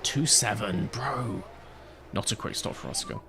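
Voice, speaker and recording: A man's voice: medium pitch, unhurried, noisy background. A man casually chatting on a live stream while playing a racing management game, joking with chat and laughing often into a desk microphone with a pop filter. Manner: jokey, laughs often, reads chat aloud.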